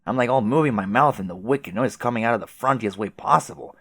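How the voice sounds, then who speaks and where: A man's voice: mid-range voice, fast talker, fairly bright tone, no room sound. A man voicing a laid-back, drawling clown boy troll who swears constantly. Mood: mellow.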